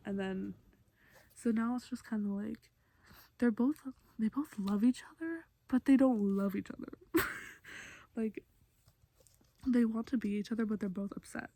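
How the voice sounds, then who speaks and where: Mellow-voiced chatty woman vlogger. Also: mid-range voice, gravelly, no echo. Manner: chatty, gushing fan, lots of fillers. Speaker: music vlogger. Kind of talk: casual song breakdown.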